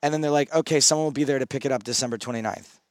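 A man's voice: mid-range voice, rapid-fire, no room sound, studio quality. A man in his thirties on a podcast, telling rambling, self-mocking stories in casual chat, often restarting his sentences. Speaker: podcast co-host.

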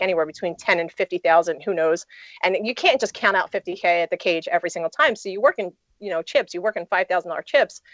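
A woman's voice: medium pitch, a bit bright, no echo, lo-fi sound. A young adult woman telling a story in a casual interview, rambling with lots of fillers and restarts. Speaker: poker player guest.

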